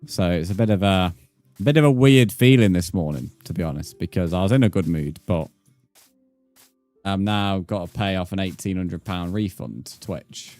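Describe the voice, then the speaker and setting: Low-voiced sweary British lad streaming. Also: male voice, moderate pace, darkish tone, faint music behind. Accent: British English. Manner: sweary, blunt, mock-outraged banter. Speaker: game streamer. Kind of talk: live-stream gameplay chat.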